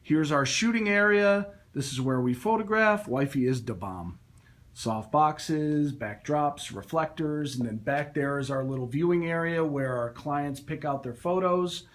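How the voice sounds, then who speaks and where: A man's voice: a little high, measured pace, hardly any pauses. A man hosting a casual live stream from his photography studio, upbeat and greeting viewers by name with frequent laughs. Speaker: livestream host.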